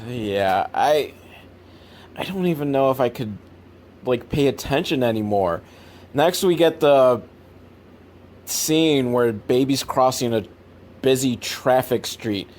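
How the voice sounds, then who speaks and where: A man giving a comedic recap of a film, sarcastic and profane, swinging between loud incredulous outbursts and weary, deflated mumbling. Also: fairly high pitch. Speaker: comedic movie reviewer.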